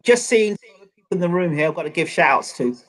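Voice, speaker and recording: A man hosting a casual sports livestream, eager and rambling as he gives shout-outs. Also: on the high side, lively intonation, fairly quick. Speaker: livestream host.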